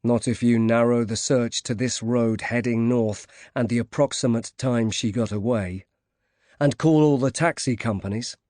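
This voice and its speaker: A man's voice: mid-range voice, fairly even intonation, moderate pace, a little mellow, no echo, clean studio sound, lightly acted. A man voicing a bruised, stubborn male investigator who speaks tersely and insistently.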